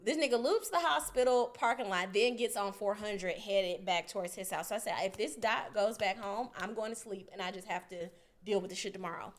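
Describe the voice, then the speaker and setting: A woman's voice: mid-range voice, brisk. A woman co-hosting a podcast, telling a story in a casual, profane way and acting out both sides of the argument. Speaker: podcast co-host.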